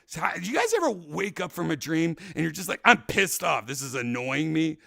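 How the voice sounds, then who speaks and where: A man hosting a laid-back talk show, rambling through a long story and shouting out the lines he quotes. His voice sits fairly high and swings up and down a lot, with a gravelly edge. The sound is bright, close and dry. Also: fairly quick, no echo. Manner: rambling, animated, acts out quotes loudly. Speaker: podcast host. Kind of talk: casual storytelling chat.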